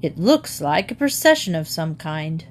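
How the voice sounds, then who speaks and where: A bluff, fussy middle-aged father from a storybook, as a woman reader puts him on. He talks in lively exclamations that jump around in pitch. A faint hum sits under the recording. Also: a little slow. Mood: alarmed.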